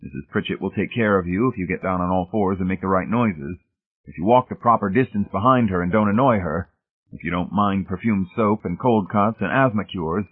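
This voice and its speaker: A man's voice: deep voice, fairly quick, breathy edge. A man voicing a blunt, weary man speaking frankly and cuttingly to a friend. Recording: tinny phone-like audio.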